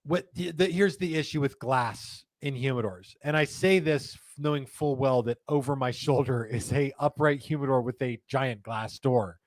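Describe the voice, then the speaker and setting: A man hosting a live cigar show talks at normal speed with few pauses and a medium-pitched voice. Indoors in a studio room, with no echo, he keeps the chat casual and joking while reading viewer comments aloud.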